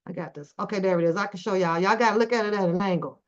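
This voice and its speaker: A middle-aged woman vlogging, telling a story casually to her viewers, animated and swearing freely. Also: medium pitch, racing. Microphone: phone camera. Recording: dull lo-fi recording.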